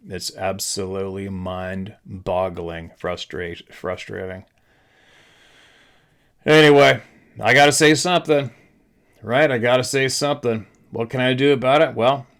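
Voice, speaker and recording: A man's voice: lowish voice, fairly bright tone. A middle-aged man from Canada, hosting his channel, delivering a frustrated, profane ranting monologue. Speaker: channel host.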